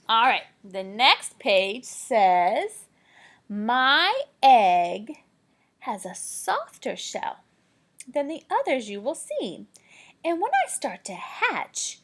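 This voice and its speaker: Lively high-voiced woman reading a picture book. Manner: playful and animated, with dramatic gasps and guessing pauses; drops to whispers when asking questions. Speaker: teacher.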